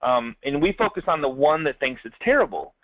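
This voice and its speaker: A man co-hosting a casual business talk, telling lively stories and acting out little quoted voices. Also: on the high side, fairly quick, dry recording. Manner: animated storyteller, acts out quotes. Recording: dull lo-fi, dry.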